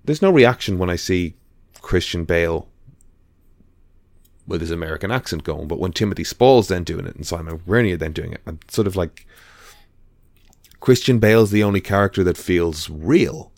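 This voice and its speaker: A man's voice: low voice, lively intonation, normal speed, darkish tone, dry recording. A man hosting a podcast in casual chat, rambling and hesitant with lots of fillers. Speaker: podcast host.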